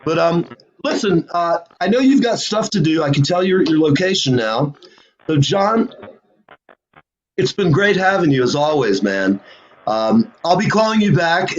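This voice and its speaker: A host on a casual live show tells rambling stories with plenty of fillers. His voice is fairly high, expressive, and moderately paced, and the recording sounds lo-fi and dull.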